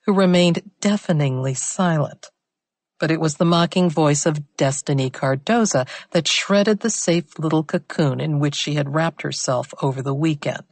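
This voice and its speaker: A woman narrating an audiobook thriller in a measured, even reading. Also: sits low, no echo.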